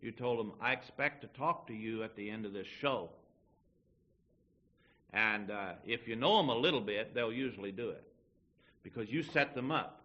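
A man's voice: on the low side, moderate pace, pauses often, lo-fi sound. A man preaching a folksy sermon to his church, acting out little everyday dialogues as he teaches. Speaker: pastor.

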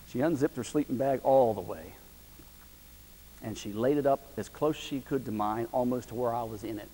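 A middle-aged man preaches in a folksy, animated way, rising to loud points and dropping to near-whispered storytelling. His voice sits at an ordinary pitch for a man. It rings with long reverb in a big hall, over a faint hiss. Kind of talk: sermon with storytelling.

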